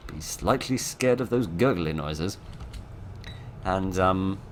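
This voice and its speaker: A man's voice: low voice, expressive, takes it slowly. A man, commenting on a horror game as he plays, rambling and self-mocking with dry humour. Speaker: gameplay commentator. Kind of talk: let's play commentary. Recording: noisy background.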